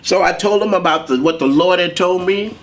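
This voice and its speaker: High-voiced man telling his life story. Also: brisk. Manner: animated storyteller acting out other people's voices. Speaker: guest, saxophonist. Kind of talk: storytelling interview.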